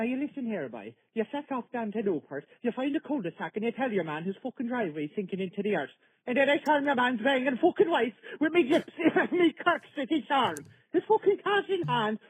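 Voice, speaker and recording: A man leaving a voicemail in which he plays a brash, cocky Irish tarmac hustler with an Irish accent, swearing and talking fast. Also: very high voice, breathy edge, heavily acted, low-quality recording. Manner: rapid, swearing, swaggering. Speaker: voicemail caller.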